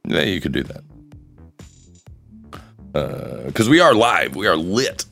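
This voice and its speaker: A man's voice: sits low, very animated, slow pace, vocal fry, pushed and bright, faint music behind. A man hosting a live solo podcast, rambling and joking with crude humor. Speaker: podcast host.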